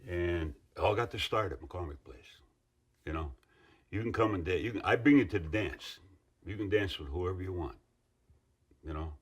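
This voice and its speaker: A man's voice: sits low, animated, moderate pace, long pauses, husky. A middle-aged man in an interview, recounting past events in a rambling, earnest way with restarts and asides. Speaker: interviewee, former union member. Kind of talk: interview recollection.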